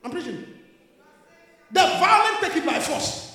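Man preacher, lively swooping voice, keeps repeating himself, big roomy hall echo. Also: extremely high pitch, measured pace. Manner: emphatic, repeats lines, calls out to the congregation. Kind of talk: sermon. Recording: echoey hall with long reverb.

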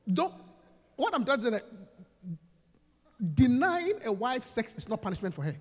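Casting note: male pastor, high lively voice, call-and-response sermon, long church-hall reverb. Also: normal speed, long pauses. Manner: call-and-response preaching, swings from soft to shouting.

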